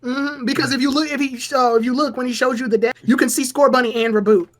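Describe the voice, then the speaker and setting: A woman's voice: sits high, fairly even intonation, fast. A woman co-hosting a podcast in casual chat, teasing and blunt, with the odd swear word. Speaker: podcast co-host.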